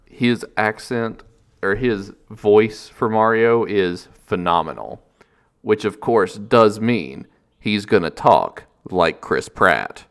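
A man's voice: lowish voice, animated, takes it slowly, clean tone. A man hosting a casual podcast chat, wry and joking, laughing often. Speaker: podcast host.

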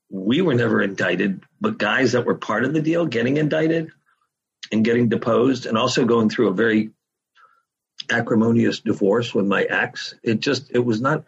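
Gravelly low-voiced man telling stories. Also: muffled recording. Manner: candid, swears freely. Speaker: podcast guest. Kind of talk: casual storytelling.

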